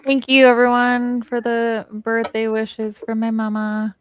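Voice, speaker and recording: A woman's voice: a little high, completely flat delivery, a little slow, a little hiss or hum. A woman co-hosting a casual livestream, talking in a chatty way with lots of fillers and reading out the chat. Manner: chatty, filler-heavy, reads chat aloud. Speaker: livestream co-host.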